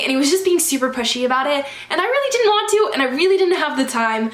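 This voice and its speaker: A high-pitched young woman talking straight to camera in a casual storytime vlog. She is chatty and animated, leans on "like" as a filler, and sounds exasperated. The room gives her voice a noticeable echo. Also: quick pace, hardly any pauses. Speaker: vlogger. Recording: echoey room.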